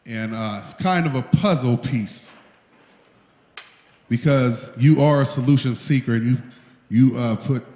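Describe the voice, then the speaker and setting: A man's voice: medium pitch, a little slow, pauses often, a little mellow. A man hosting an event gives an emotional tribute speech, talking in a heartfelt, plain-spoken way. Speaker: event host. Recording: echoey hall.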